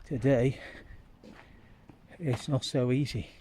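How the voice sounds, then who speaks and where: A man's voice: mid-range voice, steady tone, slow, warm tone, slight background noise. A man rambling through a casual walking vlog outdoors on town streets, chatting like a storyteller into a handheld phone. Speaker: vlogger.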